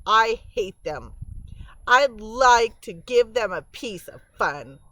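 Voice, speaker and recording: A prickly, jealous young boy mouse who snaps back at everyone, as a woman reads him aloud. He talks slowly, with a pitch that swings widely. It is a storybook voice. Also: sing-song, no echo, rough recording. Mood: defiant. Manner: sharp and defiant.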